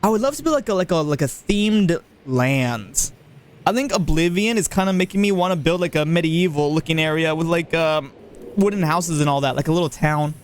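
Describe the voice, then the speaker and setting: A man's voice: a little high, fairly quick, a little hiss or hum. A man streaming a park-building game, casually thinking aloud and chatting with viewers in a playful way. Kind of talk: casual livestream chat while building.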